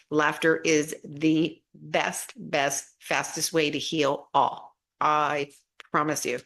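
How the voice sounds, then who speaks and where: A woman casually teaching about spiritual energy and healing, chatty and relaxed, often repeating herself and restarting sentences. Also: low voice.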